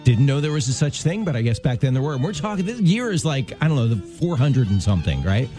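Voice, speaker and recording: A man co-hosts a Christian morning radio show from a studio microphone, telling stories in loose, jokey banter. His mid-range voice is warm and sing-song, and he talks fast over soft background music.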